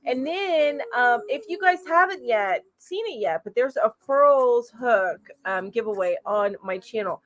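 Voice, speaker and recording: The host of a weekly crochet live chat reads viewer comments aloud and gushes along chattily, cooing over her pet and filling her speech with fillers. Her fairly high, slightly bright voice is animated, with a measured pace and hardly any pauses.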